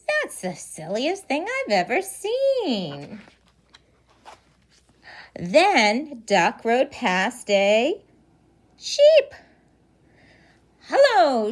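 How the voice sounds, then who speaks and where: A preschool teacher reading a picture book aloud to young children, pausing for gasps and questions along the way. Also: female voice, mid-range voice. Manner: animated storytelling with gasps and questions.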